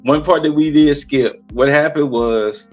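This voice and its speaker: A man hosting a casual podcast chat, retelling a film with lively acted-out quotes. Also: fairly high pitch, a little slow, dull audio, faint music behind. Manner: animated retelling with playful quoted voices. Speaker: podcast host. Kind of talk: casual movie review chat.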